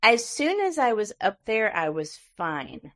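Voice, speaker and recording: A woman's voice: medium pitch, big pitch swings, unhurried, fairly bright tone. Chatty woman podcast host. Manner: chatty storyteller, laughs often. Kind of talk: casual podcast interview.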